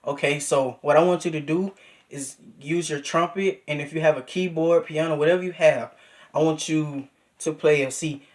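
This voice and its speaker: Young male music teacher, slightly high voice, casual coaching delivery. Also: steady tone, moderate pace. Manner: coaching, repeats key points, counts beats aloud. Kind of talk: casual trumpet lesson.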